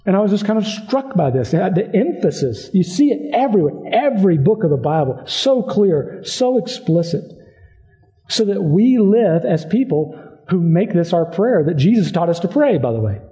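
Earnest preacher man with a dark voice. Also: high-pitched, big pitch swings, moderate pace. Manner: earnest preaching, repeats phrases for emphasis. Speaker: pastor. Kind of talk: sermon.

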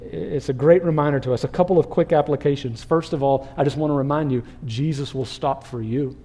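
A man delivers a sermon, lively and engaging, throwing questions at the listeners. His voice sits slightly high with a warm, mellow tone. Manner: animated, acts out crowd voices and rhetorical questions. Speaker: pastor.

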